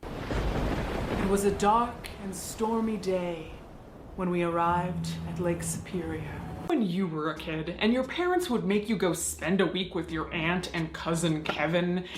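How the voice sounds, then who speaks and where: Slow-telling woman in an echoey room. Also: on the low side. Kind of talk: storytelling clip. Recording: echoey room with background noise.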